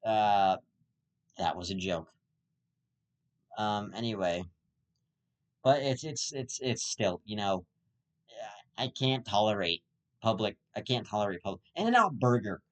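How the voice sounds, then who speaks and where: A man's voice: on the low side, lively intonation, measured pace, pauses often. A young man hosting his own show, ranting in a rambling comedic monologue that is full of stammers and swearing. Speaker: host.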